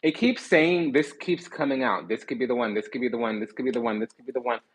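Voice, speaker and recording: Blunt, husky-voiced male tarot reader. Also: mid-range voice, fast, low-quality recording. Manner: blunt, slangy and swearing, with self-correcting restarts. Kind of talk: casual tarot reading.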